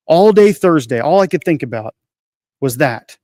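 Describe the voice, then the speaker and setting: A man's voice: on the high side, lively intonation, brisk, darkish tone, dry recording. Earnest man telling a heartfelt story. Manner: earnest, emotional storytelling with repeated phrases; frequent restarts and fillers. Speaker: podcast co-host. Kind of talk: casual faith podcast chat.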